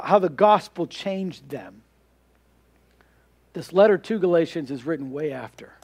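A man's voice: high voice, a little mellow. A male pastor preaching a sermon in a conversational way, repeating words and asking rhetorical questions.

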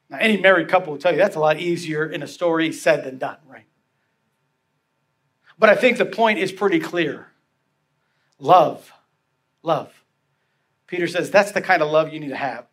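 A man preaching a sermon as pastor, telling a story with repeated phrases for emphasis and dropping to soft tones. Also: a little high.

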